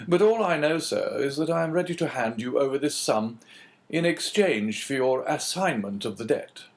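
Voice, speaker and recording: Brief: man playing a cool, measured English agent in a storybook reading, lively intonation. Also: medium pitch, lightly acted. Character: calm, phlegmatic English businessman.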